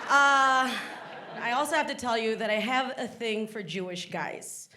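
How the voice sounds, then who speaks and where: On a comedy stage, a South Texas woman with a high voice spins stand-up stories at a measured clip, animatedly performing each character's voice. Laughter from the live club crowd sits in the background, along with faint noise.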